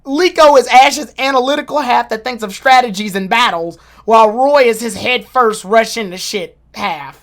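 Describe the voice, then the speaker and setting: A woman's voice: a little high, moderate pace, hardly any pauses. Analytical woman hosting a casual chat. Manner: analytical, building long comparisons. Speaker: streamer hosting the discussion.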